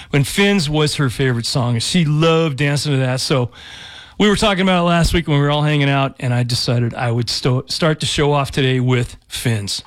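A man hosting a community radio show in a studio, talking casually in a rambling, jokey way with restarts and laughs. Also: medium pitch. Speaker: radio DJ host.

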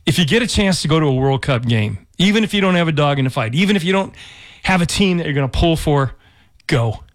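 Male community radio host, slightly high voice, rambling and jokey. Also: animated, fast talker. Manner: rambling, jokey, with restarts and laughs. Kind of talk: casual radio chat. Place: radio studio.

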